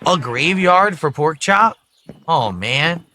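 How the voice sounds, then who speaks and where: A man in his forties chatting on a gaming livestream in a soft, emotional, musing way. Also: a little high, animated, slow, noisy background. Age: 40s. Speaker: streamer.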